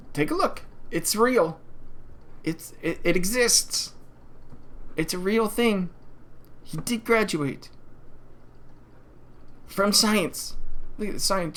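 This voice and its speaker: A man's voice: high-pitched, a bit bright. A man hosting a livestream, giving sarcastic, mocking commentary on a video and mimicking the person in it. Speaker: livestream host.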